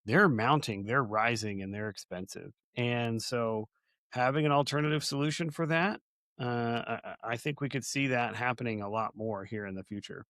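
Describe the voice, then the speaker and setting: A podcast co-host with a medium-pitched, slightly bright voice chats at a moderate pace. Casual and anecdotal, he builds vivid comparisons as he talks, captured in a dry, studio-quality recording.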